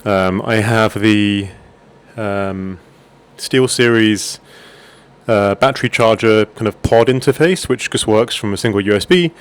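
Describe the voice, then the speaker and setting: Man, casual desk tour, rambling, slightly low voice, home setup, desk mic. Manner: relaxed, rambling, with fillers and restarts. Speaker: gaming and streaming vlogger. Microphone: desk microphone on arm.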